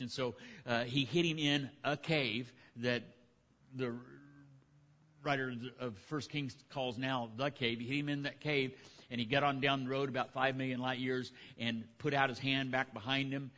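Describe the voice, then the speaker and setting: A man preaching a sermon in a relaxed, conversational way, retelling scripture in everyday speech. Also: mid-range voice, normal speed. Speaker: pastor.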